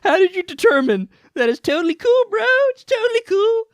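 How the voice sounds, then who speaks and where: A man putting on a smug, mocking caricature of a male pundit, with sneering, drawn-out taunts ending in "bro". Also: extremely high pitch, sing-song, dry recording, pitched above the performer's own voice. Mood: sneering mockery.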